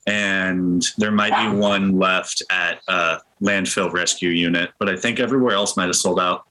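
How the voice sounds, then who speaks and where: Band guest, man, low but bright voice, laid-back casual delivery. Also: fairly even intonation, moderate pace. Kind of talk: casual interview chat.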